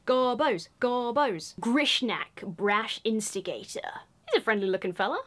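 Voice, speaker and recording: A woman's voice: fairly high pitch, lively intonation, a little slow, a bit bright. A woman hosting a casual card-opening video indoors. She gushes and giggles, and she reads the flavour text in a whisper. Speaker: video host opening trading cards. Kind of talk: casual chat, reading card text aloud.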